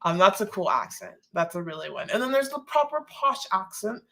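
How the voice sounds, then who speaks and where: A woman's voice: lowish voice, very animated, fast, fairly bright tone. A woman from the Caribbean hosting a casual live-stream Q&A, chatty and full of "like" and laughing asides. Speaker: host.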